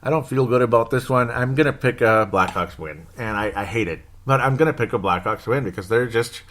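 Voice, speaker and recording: A man's voice: medium pitch, a little fast, a bit bright. A man gives casual solo sports commentary as a podcast host, rambling and correcting himself, anxious and wry with frequent chuckles.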